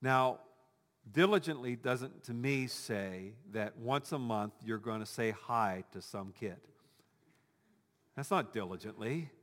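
A man's voice: medium pitch, slow pace, fairly bright tone, long reverb tail. A male pastor giving a conversational sermon with touches of humor, acting out imagined voices of the congregation.

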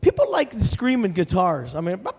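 A man preaching a sermon in a large church, animated and storytelling, often asking the crowd questions. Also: high-pitched, moderate pace, husky. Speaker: guest preacher. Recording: long hall reverb.

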